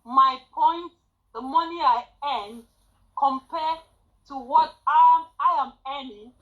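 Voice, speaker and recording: A woman, a student nurse telling her story in an animated, chatty way on a group call. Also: high voice, slow pace, phone-quality sound. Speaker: student nurse sharing a testimony.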